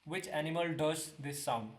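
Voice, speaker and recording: A man teaching an English class online, explaining slowly with many fillers and restarts and slipping in Hindi glosses. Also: fairly high pitch, roomy sound.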